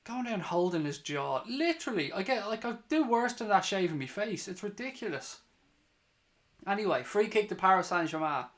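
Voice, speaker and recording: A man's voice: high-pitched, very animated, moderate pace, a bit bright. A man doing live match reaction as a fan channel host, mixing play-by-play with heated, sweary rants.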